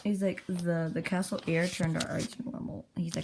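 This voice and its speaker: A woman excitedly retelling the story of her own comic journal in a rambling, casual way, jumping into brief character voices. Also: fairly low pitch, brisk, gravelly, heavy background noise.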